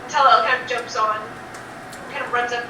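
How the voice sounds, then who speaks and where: A woman narrating as game master of a tabletop game, relaxed and rambling with lots of fillers. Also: fairly high pitch, moderate pace. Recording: echoey room, mic at a distance, noisy.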